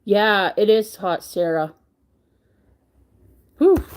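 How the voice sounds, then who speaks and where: Unhurried woman chatting on a livestream. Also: mid-range voice, animated. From Canada. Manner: chatty, greeting viewers by name while reading the chat. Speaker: crochet livestream host. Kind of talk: casual livestream chat.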